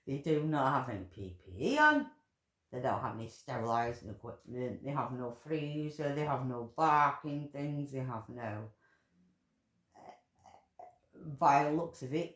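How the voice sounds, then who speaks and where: A woman's voice: rumbling low, animated, unhurried, pauses often. A woman ranting in angry commentary, full of swearing and emotional outbursts. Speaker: vlogger commentator. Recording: echoey room.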